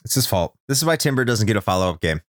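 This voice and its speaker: A man's voice: on the low side, sing-song, very fast, no echo, clean studio sound. A man co-hosting a casual podcast chat, ranting sarcastically and swearing often. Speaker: podcast co-host.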